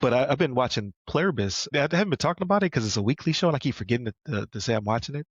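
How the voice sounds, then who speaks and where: A man's voice: medium pitch, lively intonation, racing, slightly rough, dry recording, highs cut off. A man co-hosting a podcast in casual chat, with easygoing, rambling recaps. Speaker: podcast co-host.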